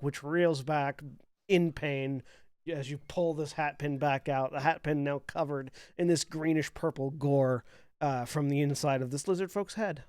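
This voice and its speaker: A man's voice: fairly high pitch, darkish tone, clear, resonant tone, dry recording, studio quality. A man narrating and ruling as game master of a tabletop horror game, laughing often.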